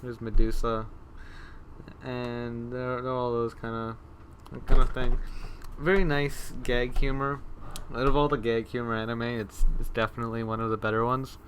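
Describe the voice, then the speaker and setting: A man's voice: medium pitch, flat delivery, normal speed, a bit bright, a little hiss or hum. A man casually reviewing anime he watched, rambling with many fillers, restarts and dry sarcastic asides. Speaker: anime vlogger.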